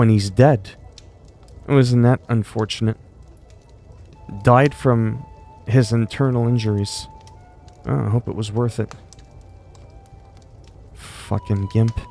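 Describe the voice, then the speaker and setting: A man's voice: medium pitch, slow pace, vocal fry, pauses often, darkish tone. A man casually commenting while streaming a strategy game, brash and profane, slipping into mock-regal lines. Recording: faint game music behind.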